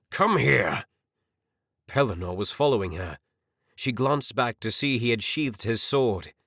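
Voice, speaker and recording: This fantasy audiobook is narrated by a man with a mid-range voice who reads from a script with expressive, measured storytelling. It's studio quality, with no room sound.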